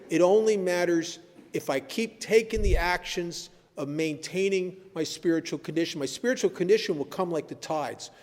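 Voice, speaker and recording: A man's voice: on the high side, a little mellow. Earnest older man speaking in an echoey hall. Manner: earnest, blunt, storytelling with sudden emphatic rises. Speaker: speaker at a recovery meeting. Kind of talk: personal recovery talk. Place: meeting hall.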